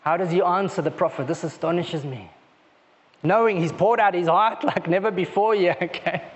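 High-voiced male preacher in a reverberant hall. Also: normal speed. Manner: conversational, often tags lines with "okay?" and soft laughs; swings between raised emphatic lines and low intimate asides. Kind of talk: sermon. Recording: muffled lo-fi sound with long hall reverb.

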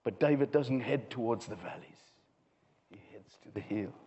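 A man preaching a sermon, swinging from hushed low asides to raised, impassioned passages. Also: normal speed. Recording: dull sound with long hall reverb.

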